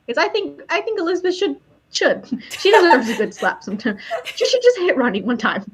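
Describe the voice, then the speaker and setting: A woman co-hosting a fan podcast in casual chat, excitable, laughing often and acting out characters' lines. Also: extremely high pitch, brisk. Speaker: podcast co-host.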